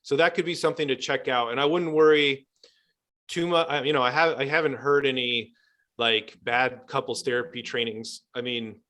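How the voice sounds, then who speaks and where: Soft-spoken man explaining therapy practice. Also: medium pitch, steady tone. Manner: measured, explanatory, frequent fillers and restarts. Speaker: guest couples therapist. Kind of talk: podcast interview conversation.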